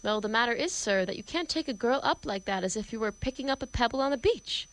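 A woman's voice: fairly high pitch, lively intonation, fast talker, a bit bright, low-quality recording. A woman reading the part of a stern, proper middle-aged housekeeper, prim and scolding. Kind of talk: amateur play reading.

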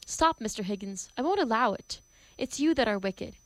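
A woman's voice: on the high side, expressive, normal speed, fairly bright tone, no echo, rough recording. Woman voicing a prim middle-aged housekeeper, scolding, play reading.

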